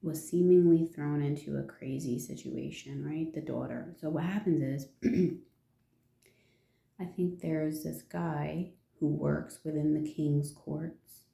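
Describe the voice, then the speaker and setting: A woman's voice: deep voice, steady tone, takes it slowly, gravelly, mellow, reverberant. A woman casually retelling a fairy tale from her notes. She rambles, asks rhetorical questions and gives her opinions along the way. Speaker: vlogger.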